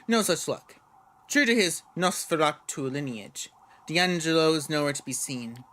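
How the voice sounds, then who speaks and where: A man's voice: on the high side, animated, normal speed, fairly bright tone. A man reading game narration aloud casually, often stumbling and restarting words. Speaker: gamer reading a visual novel aloud.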